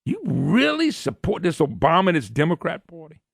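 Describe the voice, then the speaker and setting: A man's voice: fairly high pitch, wildly swooping pitch, normal speed, creaky, husky, no room sound. A man hosting a talk radio show, delivering an opinionated monologue on a studio microphone, indignant and mocking and often repeating phrases.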